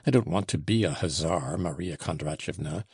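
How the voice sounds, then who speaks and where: A man's voice: very deep voice, moderate pace, darkish tone, slightly rough, dry recording, clean studio sound, voice pushed down, full character voice. A man reading a sullen, proud young male servant who talks curtly and disdainfully in an audiobook. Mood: scornful. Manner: curt, disdainful.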